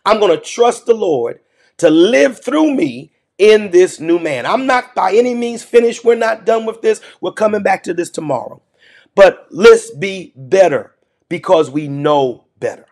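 A male pastor delivers a morning devotional sermon in a fairly high voice. He speaks with emphasis and drives each point home by repeating his key phrases. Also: lively intonation, measured pace, darkish tone. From United States.

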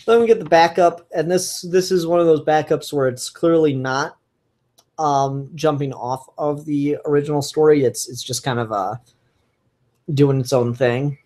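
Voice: mid-range voice, normal speed, a little mellow. A comic book reviewer talking casually and enthusiastically, rambling with frequent fillers and restarts. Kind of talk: casual solo review podcast.

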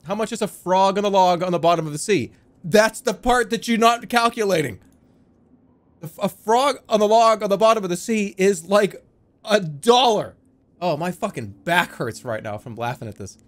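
A man's voice: high-pitched, animated, moderate pace. A man chatting casually on a live stream, giggly and repeatedly breaking into helpless laughter.

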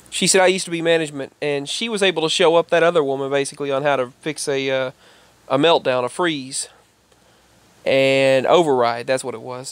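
A man's voice: mid-range voice, no room sound. A man telling a rambling personal story in casual vlog style. He repeats himself and raises his voice when he quotes other people. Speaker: vlogger.

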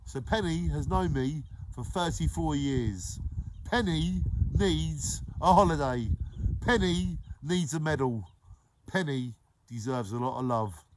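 A man, hosting a daily live show and warmly giving repeated shout-outs to viewers by name. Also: on the high side, lively intonation, slow pace, poor audio. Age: 40s. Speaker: live-stream host.

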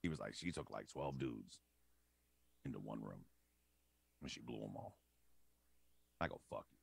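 A man's voice: normal speed, gravelly, slightly rough. A young man co-hosting a podcast, telling stories casually and acting out the people in them with big swings in his voice and frequent laughs. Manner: animated, acts out quotes with big pitch swings, laughs often. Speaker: podcast co-host. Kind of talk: casual storytelling chat.

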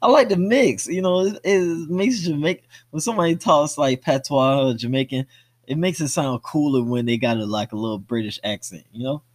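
A young man from South Florida co-hosting a movie podcast, talking casually and explaining slang in a relaxed way. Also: fairly high pitch, a little fast, no room sound. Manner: laid-back, explains street slang, says "you know what I'm saying" often.

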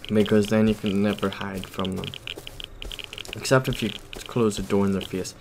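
A man's voice: fairly low pitch, steady tone, moderate pace, creaky, background noise. A man giving casual gameplay commentary while playing at his computer, rambling and hesitant, full of ums and self-corrections. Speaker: gaming YouTuber.

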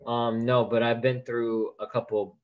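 An eighteen-year-old man calling into a video call forum, soft-spoken and hesitant, describing his worries. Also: mid-range voice, little pitch movement, measured pace, narrow, tinny audio. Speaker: caller.

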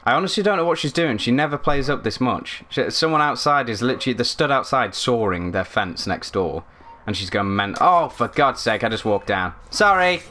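A man's voice: mid-range voice, animated, brisk, pushed and bright, a little hiss or hum. A man giving chatty, flustered commentary as he plays a video game at home, often apologizing. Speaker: let's play host. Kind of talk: casual gaming commentary. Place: at home with a barking dog.

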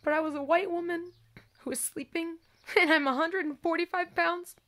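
Distressed high-voiced young woman. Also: steady tone, moderate pace, a bit bright. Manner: distressed, emphatic, swings between raised and low voice. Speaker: vlogger. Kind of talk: personal monologue to camera.

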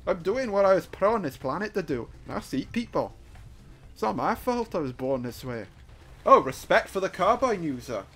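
A high-pitched man commentates his gameplay live. His voice leaps all over the place, from low muttering to sudden yelps. He jokes and trash-talks his opponents. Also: moderate pace. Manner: excitable, swings from muttering to shouting; trash-talking, joking. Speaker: gaming YouTuber.

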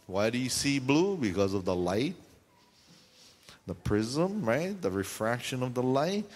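A man preaching a sermon, telling lively stories and calling for amens. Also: medium pitch, unhurried. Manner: lively storytelling with call-and-response. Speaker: pastor. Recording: reverberant hall sound.

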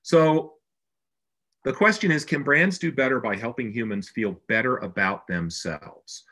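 A man's voice: medium pitch, unhurried, sharp tone. A man presenting a business webinar as a brand consultant, speaking in an earnest, conversational way with emphatic stresses.

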